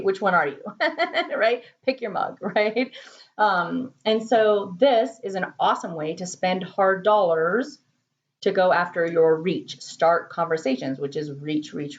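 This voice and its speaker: In a dull-sounding recording, a marketing consultant with a medium-pitched voice chats casually in a vlog from her home office. She laughs a lot and repeats words to stress her points.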